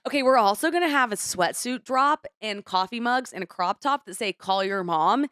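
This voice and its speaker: A woman's voice: a little high, lively intonation, normal speed, fairly bright tone, clear, resonant tone, no echo, studio quality. A young adult woman co-hosting a podcast in casual chat, candid and rambling as she opens up. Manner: candid, rambling, emotional retelling. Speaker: podcast co-host.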